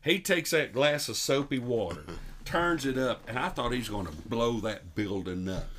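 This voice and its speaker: A man's voice: medium pitch, normal speed, fairly bright tone, a little hiss or hum. A man telling comic stories to his friends on a podcast, laughing as he goes. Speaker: comedy podcast host. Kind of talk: storytelling among friends.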